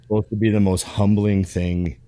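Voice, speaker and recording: A man's voice: on the low side, normal speed, no echo. A man hosting a casual podcast, telling stories with lots of swearing and animation. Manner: animated storyteller, swears freely. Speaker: podcast host.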